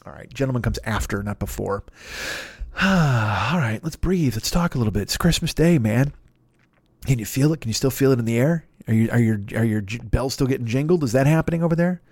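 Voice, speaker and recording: A man's voice: mid-range voice, expressive, fairly quick, darkish tone, no room sound. A man host riffing through a profane, rambling comedic monologue. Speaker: podcast host.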